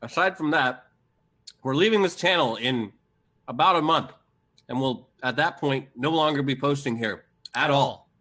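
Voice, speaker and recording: A young man, co-host gives channel updates in an even, mid-pitched voice with dry deadpan asides. His delivery is relaxed and conversational. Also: moderate pace. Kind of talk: live-stream town hall chat.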